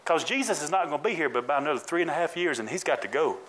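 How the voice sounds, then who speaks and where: Man pastor, mid-high voice, preaches casually with call-and-response and vivid retelling. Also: expressive, rapid-fire, a bit bright, a little hiss or hum, poor audio. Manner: call-and-response preaching, calls congregants by name; colloquial, dramatic retelling. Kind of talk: sermon.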